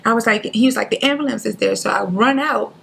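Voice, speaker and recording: A woman, a guest on a talk show, telling a painful personal story in an earnest, halting way, near tears, acting out what others said. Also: fairly high pitch, creaky, fairly bright tone, breathy edge. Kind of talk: emotional personal story in interview.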